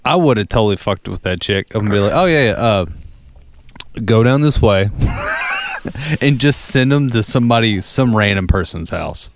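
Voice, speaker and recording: A man's voice: fairly low pitch, animated, normal speed, a little hiss or hum. A man co-hosting a casual podcast chat, laid-back and joking. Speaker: podcast co-host.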